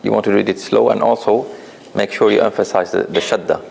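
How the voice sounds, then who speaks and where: A man's voice: on the low side, steady tone, fairly quick, creaky. A man teaching a tajweed class, correcting students' recitation with patient explanations. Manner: gentle corrective explanations with light laughs.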